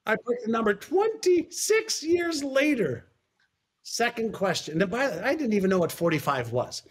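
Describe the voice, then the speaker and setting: High-voiced animated male storyteller. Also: normal speed. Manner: animated, repeats words for emphasis, swears casually. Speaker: guest. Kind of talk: storytelling in a conversation.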